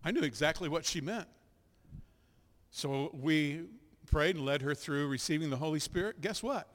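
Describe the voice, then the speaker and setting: A middle-aged man preaching as a pastor, leading his congregation in loud spoken confessions and scripture, with relaxed, chatty asides. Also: on the high side. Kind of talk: sermon. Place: church sanctuary. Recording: echoey hall with long reverb.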